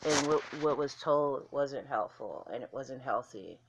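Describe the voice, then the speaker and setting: A woman's voice: rumbling low, a little slow, breathy edge. A woman vlogger talking casually to camera in a blunt, candid way, swearing freely.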